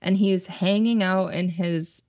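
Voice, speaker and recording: A woman's voice: lowish voice, steady tone, unhurried, a little mellow, no echo, studio quality. A woman guest on a casual film podcast, talking candidly, swearing freely and laughing often.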